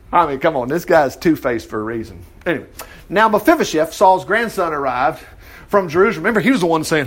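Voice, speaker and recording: A man teaching an informal Bible study, reading scripture aloud and breaking in with lively comments. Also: on the high side, brisk.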